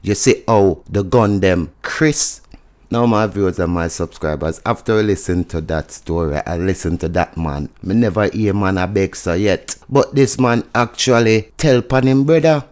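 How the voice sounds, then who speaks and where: A man's voice: low voice, normal speed, darkish tone. Jamaican man commenting on the news. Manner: chatty, mixes patois with standard English.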